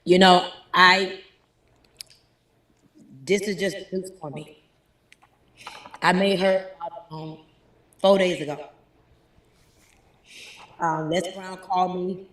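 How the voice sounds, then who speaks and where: A woman telling stories in an animated, emphatic way as a guest, speaking from home. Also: fairly low pitch, slow pace, pauses often. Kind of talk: casual interview talk. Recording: roomy echo, distant mic.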